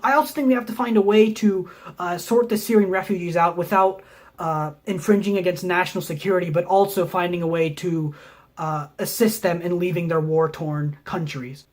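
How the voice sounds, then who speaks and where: Deadpan rambling young man. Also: sits high, normal speed. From Tennessee, US. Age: young adult. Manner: deadpan, rambling, full of fillers. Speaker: film student. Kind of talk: mock pitch video.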